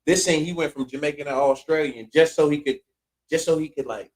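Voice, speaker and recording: Speaking straight to his listeners, a man hosting a casual podcast chat tells stories in a laid-back style. His voice is a little high and darkish in tone, his pace brisk, and the recording rough.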